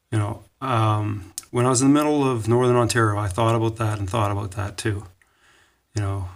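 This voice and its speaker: A man in his forties from Canada tells a rambling motivational story in a casual vlog. His voice sits a little low. He often corrects himself and slips into the voices of the people he quotes. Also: fast. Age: 40s. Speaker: vlogger.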